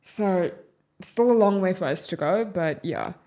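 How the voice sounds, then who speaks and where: Frank South African woman, lowish voice. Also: expressive, warm tone. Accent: South African English. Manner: frank and measured, speaking from personal experience. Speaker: podcast co-host. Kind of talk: candid conversational podcast chat.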